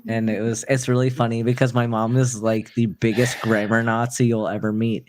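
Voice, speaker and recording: A man from Wisconsin with a middle-pitched, ordinary voice. He rambles and restarts his sentences as he chats casually with friends. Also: level tone, moderate pace. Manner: rambling, self-interrupting storyteller. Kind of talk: casual group chat.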